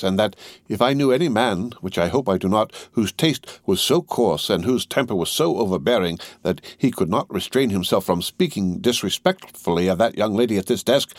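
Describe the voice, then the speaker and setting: A man's voice: mid-range voice, no room sound, pitched above the performer's own voice. A man voicing a mild, fussy older bank clerk who speaks politely, hesitating and stammering.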